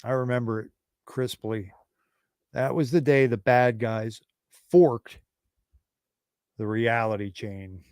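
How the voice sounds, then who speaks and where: A man in his forties hosting a livestream, telling a rambling, profane story in a casual, animated way. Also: medium pitch, slow, long pauses, no room sound, studio quality. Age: 40s. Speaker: livestream host.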